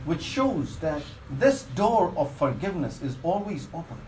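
A man's voice: fairly high pitch, very animated, measured pace, darkish tone, roomy sound, slight background noise, poor audio. A man giving a sermon in English that he mixes with Arabic religious phrases, telling a story earnestly and dropping his voice for its saddest parts. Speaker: Islamic preacher.

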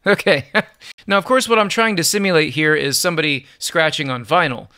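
A man giving an upbeat, relaxed music production software tutorial, chuckling now and then as he explains. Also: a little high, a little fast. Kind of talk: screen-recorded software tutorial.

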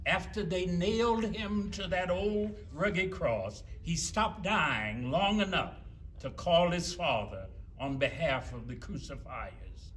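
A man preaching a sermon in a slow, measured, solemn manner. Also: a little high, very animated, fairly bright tone. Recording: distant mic with faint room noise.

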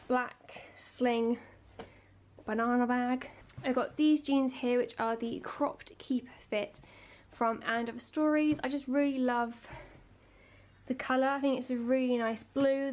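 Indoors at home, a giggly vlogger in her twenties talks casually to the camera in a voice on the high side. She seems slightly out of breath, and some faint background noise is audible. Her speech is packed with fillers.

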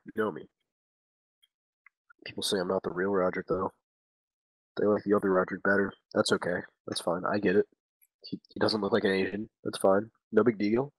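A man's voice: lowish voice, husky, dry recording, low-quality recording. A man improvising a comic monologue as a dim-witted, crude eighteen-year-old boy, rambling with a slacker drawl and lots of swearing.

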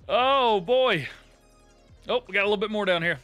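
A man with a drawl hosting a live game stream, chatting casually with viewers, laughing often and thanking them warmly. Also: high-pitched. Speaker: live-streaming gamer host. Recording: light game music behind.

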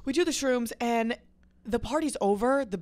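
A young woman hosting a podcast, telling a wild story in casual chat, animated and swearing freely. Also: on the high side, normal speed. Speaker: podcast host.

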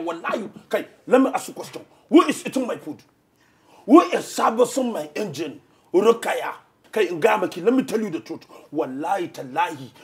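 An actor with a Hausa accent playing an excitable, indignant husband who swears oaths and mixes Hausa into English. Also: male voice, sits high. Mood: pleading. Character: hot-tempered proud middle-aged northern Nigerian husband. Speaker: husband on counseling show. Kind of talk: comic drama acting.

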